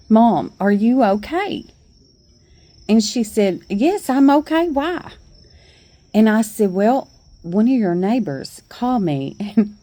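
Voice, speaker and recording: A woman's voice: on the low side, dark tone, no echo. A middle-aged woman telling a story on her porch in a chatty, folksy way, laughing along. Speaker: vlogger. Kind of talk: casual storytelling.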